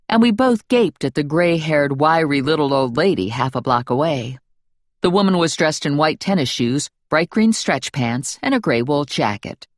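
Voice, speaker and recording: Low, lively woman reading first-person fiction, wry and playful, dry close studio sound. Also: dry recording. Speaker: audiobook narrator. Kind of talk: first-person audiobook narration.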